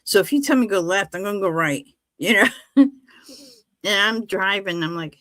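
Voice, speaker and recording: A woman hosting a casual faith chat on a livestream, telling animated stories, acting out what others said and laughing often. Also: medium pitch, normal speed, no echo. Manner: animated storytelling, acts out quoted voices, laughs often. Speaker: livestream host.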